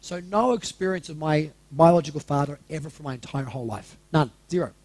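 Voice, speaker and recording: A man in his forties tells a personal story to a live audience, candid and casual, swearing freely and checking in with the room. His voice sits a little high and sounds somewhat husky. The sound is dry. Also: a little fast, a little mellow, no room sound. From Australia. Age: 40s.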